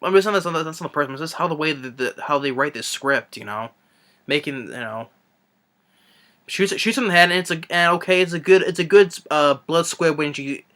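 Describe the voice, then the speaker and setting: A man reviewing a film in an unscripted rant, exasperated and scornful, rambling with halting restarts and fillers. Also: on the high side, fairly bright tone. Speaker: movie reviewer.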